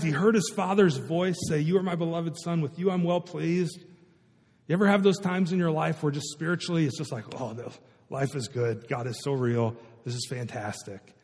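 A pastor delivers a sermon in a church sanctuary, his high, slightly mellow voice carrying a long hall reverb. He keeps it conversational, often putting questions to the congregation.

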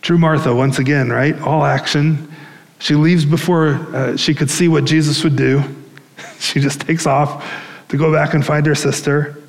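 A man's voice: fairly high pitch, fairly even intonation, normal speed, gravelly, long reverb tail, poor audio. A male pastor preaching a sermon in a conversational way, with fillers and restarts.

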